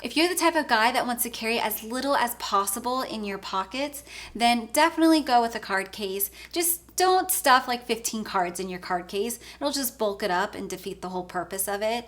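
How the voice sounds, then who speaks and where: A woman advising men on what to own, in a clear, instructive product-review style. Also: fairly high pitch, a bit bright.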